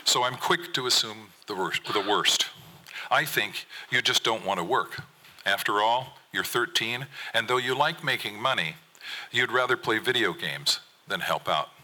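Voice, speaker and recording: Middle-aged guy reading his fishing poem, low voice, intense edge, steady pace. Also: rough recording. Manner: earnest, measured spoken-word delivery. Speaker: fisherman poet. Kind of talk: performed poetry reading.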